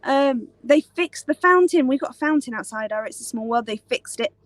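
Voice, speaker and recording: High-pitched and lively in intonation, a young woman from Britain chats on a live stream at a moderate pace. As host, she rambles freely with plenty of ums and likes, captured in a dry recording.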